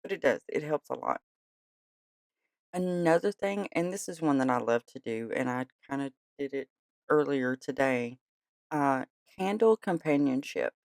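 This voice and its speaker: A podcast host in a gentle, chatty way of talking, tired and yawning late at night. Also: medium pitch, expressive, a little slow, vocal fry, no room sound. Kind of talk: casual podcast talk.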